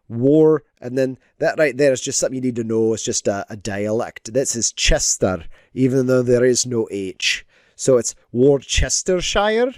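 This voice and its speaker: A man's voice: medium pitch, darkish tone, dry recording, studio quality. A man casually chatting on a stream while he draws, rambling and giving playful mock lessons with lots of filler words. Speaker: digital artist streaming. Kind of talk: casual livestream chat while drawing.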